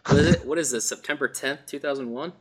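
A man's voice: medium pitch, steady tone, quick pace, no echo. A man co-hosting a podcast in casual chat about a movie, mostly giving short agreeing replies, laughing often and filling in plot details. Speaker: podcast co-host.

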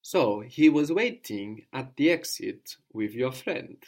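A man with a mid-pitched voice gives a language lesson. He explains the grammar patiently, one step at a time, and keeps stopping to prompt his student for the next answer. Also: animated, takes it slowly. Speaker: language teacher.

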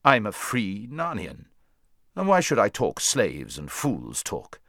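A man's voice: on the low side, huge pitch swings, slow, gravelly, a bit bright, dry recording, studio quality, full character voice. A man voicing a proud, brusque talking male war horse with a commanding, contemptuous manner. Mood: brisk.

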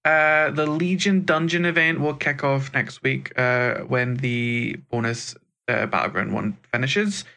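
A man's voice: mid-range voice, fairly even intonation, a little slow, vocal fry, few pauses, bright, forceful tone. A man with a Scottish accent co-hosting a gaming podcast, chatting casually and rambling a little. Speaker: podcast co-host.

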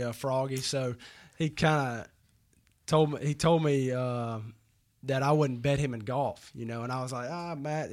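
Man, mid-pitched voice, casual storytelling, lots of uh and um, restarts, animated. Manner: animated anecdote-telling with many fillers and restarts. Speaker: guest, professional baseball player.

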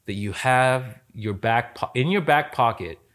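A man in a casual conversation about film lighting. He tells stories in an animated way, acts out what people said, and often restarts his sentences. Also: mid-range voice, measured pace. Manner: animated storyteller, acts out quotes, many restarts. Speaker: lighting specialist guest.

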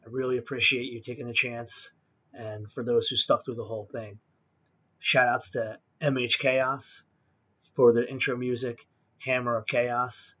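A man's voice: mid-range voice, flat delivery, measured pace, a bit bright, breathy edge, dull audio. A man hosting a casual podcast, talking earnestly and appreciatively, rambling a little with fillers. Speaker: podcast host. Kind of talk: casual interview podcast wrap-up.

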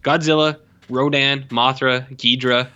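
A man co-hosting a podcast, reviewing a movie in casual, animated talk and swearing freely. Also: medium pitch, a little slow, smooth, lo-fi sound. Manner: animated, profane, restarts often. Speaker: podcast co-host. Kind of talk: casual film review chat.

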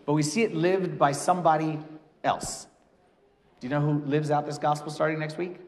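A man, a priest, giving a lively, conversational sermon with casual asides in a church. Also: fairly high pitch, normal speed, long reverb tail.

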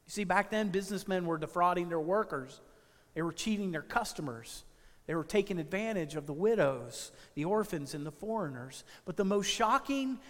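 High-voiced male pastor in a reverberant church. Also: fairly bright tone. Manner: measured preaching with drawn-out phrases. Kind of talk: sermon. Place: church sanctuary.

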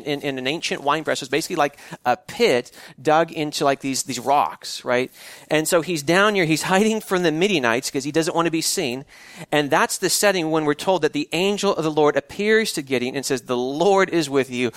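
A man preaching a casual, conversational sermon, with a voice sitting a little higher than most men's. He often restarts his phrases as he talks. The sound is dry and close, with no room echo. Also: a bit bright, clean tone. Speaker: pastor.

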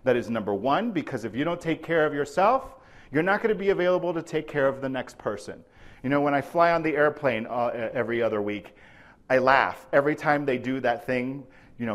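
Lively man lecturing clinicians. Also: fairly high pitch. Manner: animated, often checks in with the audience with "right?". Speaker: presenter at a clinical training. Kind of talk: live lecture to healthcare providers.

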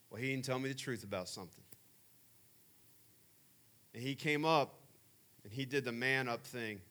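Bright-voiced man in his forties preaching. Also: medium pitch, normal speed, pauses often. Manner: animated, chatty storytelling. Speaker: camp speaker. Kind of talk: sermon.

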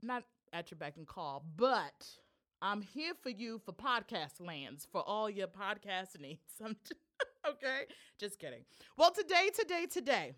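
A woman's voice: medium pitch, very animated, measured pace, fairly bright tone. A woman from Michigan hosting a casual podcast, bubbly and playful, laughing often. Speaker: podcast host. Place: Chicago.

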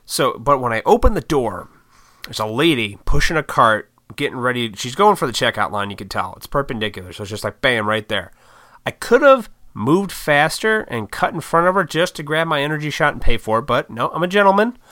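Very animated and brisk, this medium-pitched man has a bright, forceful tone, recorded at studio quality without room sound. A vlogger running on little sleep, he rambles through a profane story to camera and teases himself for being impatient.

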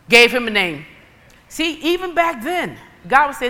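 Woman preacher, animated storyteller acting out dialogue, bright tone, long hall reverb. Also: sits high, moderate pace. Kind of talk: sermon.

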